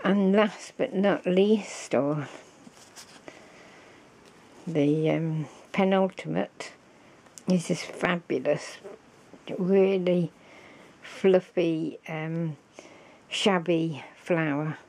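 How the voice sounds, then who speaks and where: A woman, slow and fond, showing off a handmade craft gift on her vlog and gasping with delight. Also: on the low side, fairly even intonation, a little mellow. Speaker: crafting vlogger. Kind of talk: casual show-and-tell of a craft gift.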